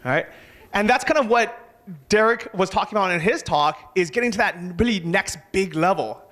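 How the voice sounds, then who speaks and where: A man giving a motivational talk on a conference stage, casual and energetic, swearing now and then. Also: high voice, fairly quick. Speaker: conference speaker.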